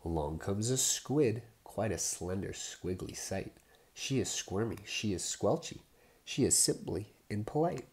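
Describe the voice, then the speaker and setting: A man reading picture books aloud as a father, soft and sometimes dropping to a whisper. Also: fairly low pitch, lively intonation, measured pace. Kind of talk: storybook read-aloud.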